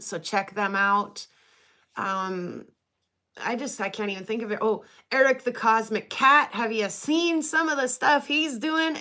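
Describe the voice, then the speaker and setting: A woman with a slightly high, sharp-toned voice hosts a livestream for her rock hobby channel. She chats casually, rambling and giggling, with lots of fillers.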